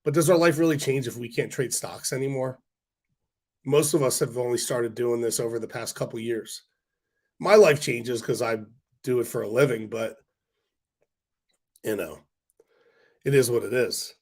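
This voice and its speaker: A man's voice: medium pitch, moderate pace, long pauses, darkish tone. A man hosting a stock market livestream, talking to viewers in a rambling, blunt, irreverent way with casual swearing, his voice worn and congested.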